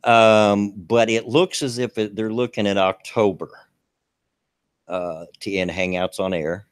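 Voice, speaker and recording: A man's voice: on the low side, little pitch movement, measured pace, clear, resonant tone, dry recording. Folksy rambling man on a dry mic. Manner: folksy, rambling, laughs easily. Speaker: co-host of a live stream show. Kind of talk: casual live stream chat.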